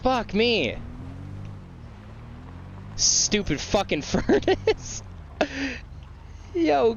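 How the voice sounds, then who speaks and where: An excitable young man streams a game live, swearing and yelling at it. His voice sits a little high and leaps around in pitch. A faint hiss runs under the recording. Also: slow, long pauses, lo-fi sound. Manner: mocking sing-song voice when quoting the game. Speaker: gaming streamer. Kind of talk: live gameplay commentary.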